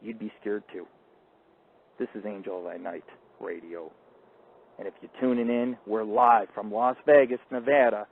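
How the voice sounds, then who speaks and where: Brash, foul-mouthed male radio host rambling through boastful stories, loud bursts then low mutters, thin phone-line sound. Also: moderate pace, gravelly, long pauses, a little hiss or hum. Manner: crude, profane, boastful storytelling. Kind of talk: rambling live call-in radio monologue.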